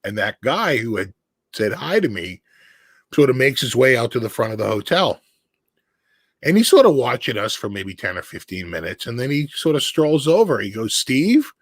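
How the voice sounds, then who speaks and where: A man chatting as a guest on a video call, telling an animated anecdote and acting out the voices in it. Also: mid-range voice, normal speed, no echo. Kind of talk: casual storytelling chat.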